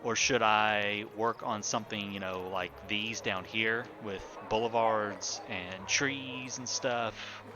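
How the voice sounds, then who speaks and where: A man's voice: lowish voice, fairly even intonation, slow, few pauses, background noise. A man streaming a game live, thinking aloud in a casual, chatty way, asking his viewers for ideas and grumbling a little with small restarts. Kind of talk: casual live-stream commentary while playing.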